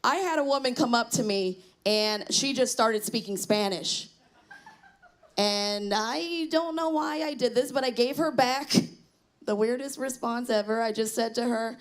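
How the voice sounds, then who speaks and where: High-voiced woman doing stand-up comedy. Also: measured pace. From Cambodian heritage. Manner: self-deprecating, chatty, crowd work. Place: small theater stage.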